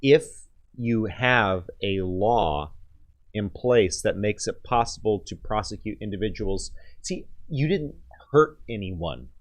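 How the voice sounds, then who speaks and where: Low-voiced hesitant radio host man. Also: lively intonation, takes it slowly. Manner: hesitant, many fillers and restarts. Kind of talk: casual radio talk show discussion.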